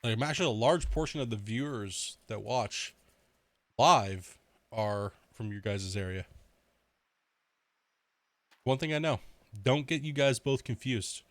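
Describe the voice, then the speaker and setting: A gaming streamer chats casually during a live stream, swearing, laughing often and rambling crudely through stories with many restarts. His medium-pitched voice is expressive and unhurried with frequent pauses, in a dry recording.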